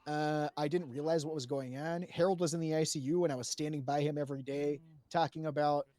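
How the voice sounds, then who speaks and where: A man with a somewhat high voice tells a roleplay story to a panel in a loose, rambling way. He restarts his sentences often and swears freely. The sound is close and dry. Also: steady tone, fairly quick, dark tone, no room sound.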